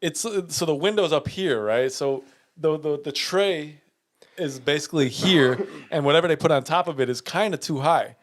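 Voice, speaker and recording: A man's voice: fairly high pitch, moderate pace. A young man co-hosting a podcast, telling a story in casual, profane chat and acting out the dialogue. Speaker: podcast co-host.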